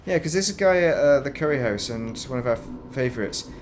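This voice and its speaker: A man's voice: mid-range voice, lively intonation, fairly quick, a little hiss or hum. Chatty man streaming a game. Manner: rambling, self-interrupting, chatty. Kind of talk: casual gameplay commentary.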